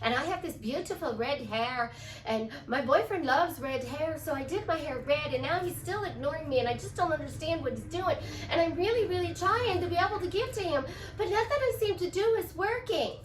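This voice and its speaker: A woman voicing a frustrated young woman complaining that her boyfriend ignores her, in a pleading, rushed way. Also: high-pitched, lively intonation, reverberant, far from the mic, voice pushed up, poor audio. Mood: plaintive.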